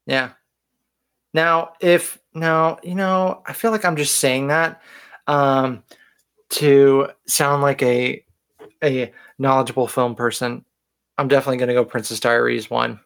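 A man's voice: medium pitch, steady tone, unhurried, creaky, fairly bright tone, clear, resonant tone. A man co-hosting a podcast in casual chat, joking and self-deprecating. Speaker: podcast co-host.

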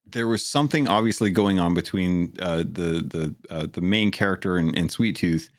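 Deep-voiced man in casual podcast chat. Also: normal speed, no room sound, clean studio sound. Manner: rambling, many restarts and fillers. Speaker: podcast host.

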